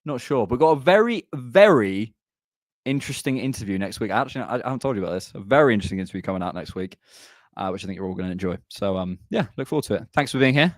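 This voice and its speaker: Breathless, lively podcast host. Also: male voice, fairly low pitch, fast talker, no echo, studio quality. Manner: joking, chatty banter. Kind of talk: casual live podcast chat.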